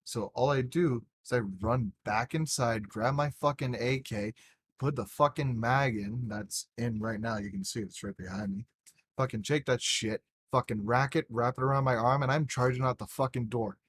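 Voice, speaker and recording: Casting: young man, tipsy and loose, podcast co-host, rambling profane storyteller, mid pitch. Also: normal speed, a bit bright, slight background noise. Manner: rambling, heavy swearing, tipsy. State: drunk. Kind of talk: casual chat.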